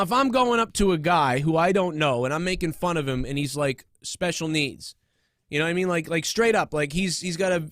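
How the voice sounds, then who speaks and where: A man's voice: high-pitched, fairly bright tone, no echo, clean studio sound. A man hosting a comedy podcast, ranting casually with constant fillers, restarts and swearing. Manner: rambling, profane, many fillers and restarts. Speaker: podcast host.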